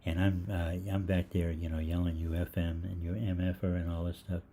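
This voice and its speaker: Middle-aged male host, deep and mellow, rambling casual storyteller who acts out the other voices, faint noise under it. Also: little pitch movement. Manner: rambling, halting, full of fillers and restarts, acts out the other voices. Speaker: online health show host.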